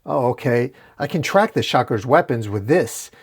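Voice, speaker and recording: A man's voice: medium pitch, expressive, normal speed, breathy edge. A man voicing a wisecracking young male superhero in a comic recap, full of jokes. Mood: quippy. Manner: joking, quippy.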